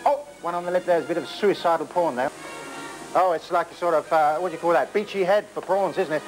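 A theatrical man hosts a spoof cooking show and hams up every step. He yelps in high squeaks now and then, and faint music plays underneath. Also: quick pace, poor audio. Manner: hammy and theatrical, with sudden squeaky exclamations. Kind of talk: comic cooking demonstration.

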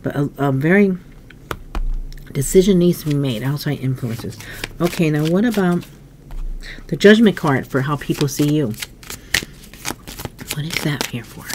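A woman with a fairly low voice talks through a tarot spread, thinking aloud and pausing to cough or clear her throat. A faint hiss sits under the recording. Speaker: tarot reader. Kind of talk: casual tarot reading.

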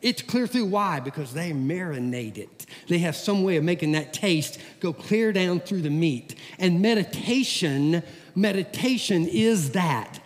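A middle-aged pastor preaching in a church sanctuary, his voice sitting a little high for a man. He talks in a folksy, animated way, swinging from lively to hushed, and the long reverb of the hall trails after his words. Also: a little slow. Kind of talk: sermon.

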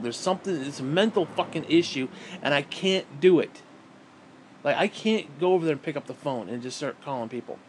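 A man's voice: on the high side, a little hiss or hum. Frustrated swearing man venting at home. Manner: frustrated, swearing, rambling with restarts. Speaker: vlogger. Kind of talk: casual rant to camera.

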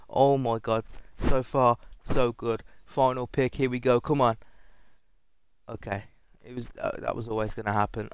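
A young British man giving excitable pack-opening commentary on a video game, swearing and repeating himself. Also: on the low side, clear, resonant tone, no echo. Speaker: gaming YouTuber.

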